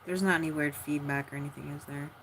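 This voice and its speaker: A woman livestreaming late at night, chatting softly and giggling with her viewers over a phone mic. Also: deep voice, fairly even intonation, quick pace, noisy background.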